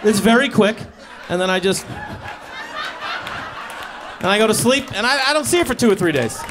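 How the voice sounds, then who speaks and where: Male stand-up comic in his thirties, deadpan storyteller, fairly high voice, faint noise. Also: moderate pace, crowd noise. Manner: deadpan, conversational storytelling with acted-out asides. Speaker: stand-up comedian. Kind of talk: stand-up comedy set. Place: comedy stage before a live audience.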